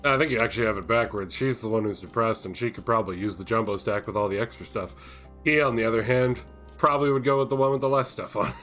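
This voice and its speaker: A man's voice: on the low side, soft background music. A man narrating a tabletop game as game master, often laughing. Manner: laughs often, slow and lively.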